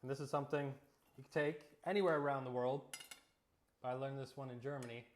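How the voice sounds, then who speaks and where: A man hosting a casual cooking vlog, telling relaxed, joking stories as he cooks and eats in his home kitchen. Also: mid-range voice, fast, a little hiss or hum. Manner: relaxed storytelling with jokes. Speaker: cooking vlogger.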